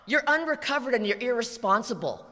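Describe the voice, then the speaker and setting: Blunt, bright-voiced American woman speaker. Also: fairly high pitch, very animated, brisk. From USA. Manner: blunt, profane, emphatic. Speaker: recovery speaker. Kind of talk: live speech at a convention. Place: large convention hall. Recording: echoey convention hall.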